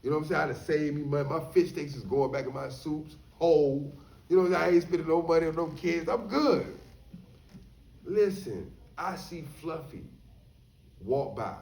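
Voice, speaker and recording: Animated gravelly man telling a story. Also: a little high. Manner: animated, addresses listeners as y'all, frequent "you know what I'm saying". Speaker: storyteller recounting prison life. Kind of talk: casual spoken storytelling. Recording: echoey room, voice somewhat far from the mic.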